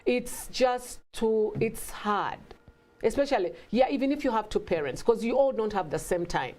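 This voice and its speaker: A woman guest in a casual talk, telling stories with lively acted-out quotes and frequent laughter. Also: a little high, moderate pace. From Africa. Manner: animated storytelling, acts out quotes, laughs often. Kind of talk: casual conversation.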